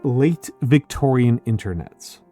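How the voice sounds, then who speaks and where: A man's voice: medium pitch, expressive, slow, dark tone, faint music behind. A man hosting a casual group chat on a stream, explaining things in a rambling, lecture-like way with jokey asides. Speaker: streamer and host.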